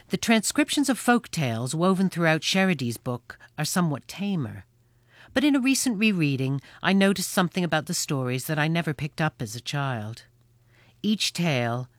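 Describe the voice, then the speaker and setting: A mid-pitched host reads a reflective scripted essay in a thoughtful, measured way. The sound is close and dry. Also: no room sound.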